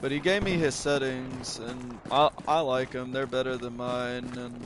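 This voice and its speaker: A man's voice: medium pitch, fairly even intonation, a little slow, noisy background. A man telling a casual, rambling story about a game match, swearing often and restarting sentences. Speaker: gaming video creator.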